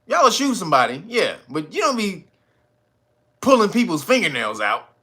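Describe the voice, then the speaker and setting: A man hosting a casual news commentary show, talking in a profane, slangy way and acting out quotes in loud high voices between laughs. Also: huge pitch swings, normal speed. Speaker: commentary podcast host.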